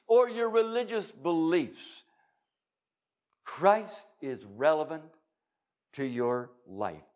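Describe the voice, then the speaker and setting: An older man preaching an evangelistic sermon, dramatic and emphatic, with pauses for effect. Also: sits high.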